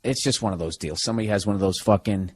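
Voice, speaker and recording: With a fairly low, slightly mellow voice and a breathy edge, a man talks rapid-fire as the sole host of a podcast. He rants comedically, sarcastic and exasperated, swearing throughout.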